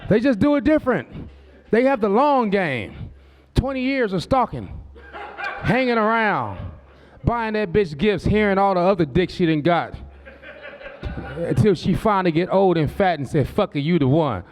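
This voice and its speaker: A man's voice: sits high, expressive, moderate pace, long pauses. A man in his forties from Southern California doing a stand-up comedy set on a club stage. He tells brash, profane stories and slips into quoted voices. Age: 40s.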